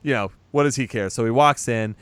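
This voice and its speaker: A man's voice: medium pitch, a little fast, a bit bright, clean tone, dry recording. A man in casual chat, recapping a movie as a podcast host, chatty and teasing, swearing now and then.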